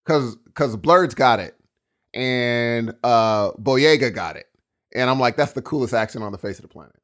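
A man co-hosting a podcast, joking around in casual chat and laughing easily. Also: medium pitch. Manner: animated, jokey, quick to laugh. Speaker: podcast co-host.

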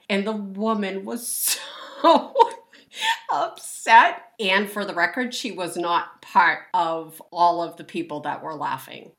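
A woman's voice: mid-range voice, fairly bright tone. A middle-aged woman candidly telling a personal story to her listeners, often laughing as she talks.

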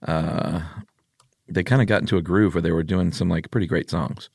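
A man's voice: deep voice, steady tone, normal speed, vocal fry, darkish tone, slightly rough, dry recording, studio quality. A middle-aged man hosting a podcast in laid-back, teasing casual chat. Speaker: podcast host.

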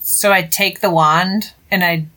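A woman playing in a tabletop game, chatty and quick to laugh. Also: lowish voice, fairly even intonation, a crowd in the background. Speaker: player.

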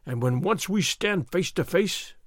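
A man voicing a loud, bullying soldier sergeant who blusters and threatens, in an audiobook reading. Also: sits high, expressive, a little slow, no room sound, studio quality. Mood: blustering.

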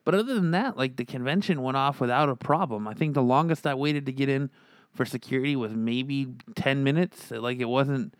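A man with a mid-range voice hosts a casual podcast. He tells stories animatedly and acts out other people's lines with sudden jumps in pitch. The recording is dry and close, with no room sound. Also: brisk, no room sound. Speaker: podcast host. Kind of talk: casual chat and storytelling.

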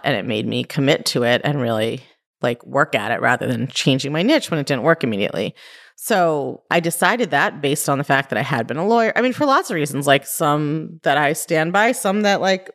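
A woman's voice: low voice, fairly bright tone. A woman hosting her own podcast as a coach, talking casually and bluntly, often saying "like" and "right?" and swearing now and then. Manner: conversational, frequent "like" and "right?", mild swearing. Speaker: podcast host and life coach. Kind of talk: casual solo podcast talk.

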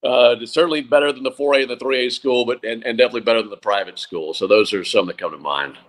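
A sports broadcaster in his forties, talking as a guest in an interview, reflective and often pausing to restart his sentences. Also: mid-range voice, poor audio. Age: 40s. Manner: reflective, with frequent restarts and fillers. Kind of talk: interview conversation.

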